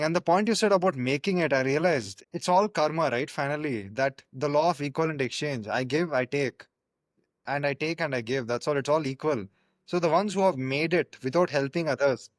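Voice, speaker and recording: A man's voice: on the high side, dry recording. A man hosting a podcast and reflecting in conversation, thoughtful and philosophical, sometimes searching for words. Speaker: podcast host.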